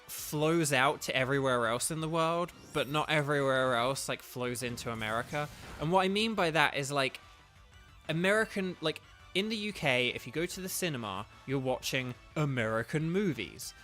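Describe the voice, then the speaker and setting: Bright-voiced man chatting while gaming. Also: a little high. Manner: rambling, lots of fillers and restarts. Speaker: streamer and voice actor. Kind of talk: casual gameplay commentary to live chat.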